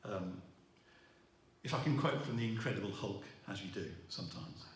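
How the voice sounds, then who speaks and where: A middle-aged man, preaching a sermon in a halting way, with many restarts and fillers. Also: on the low side, expressive, distant mic, a little hiss or hum. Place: church hall. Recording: roomy echo, voice from afar.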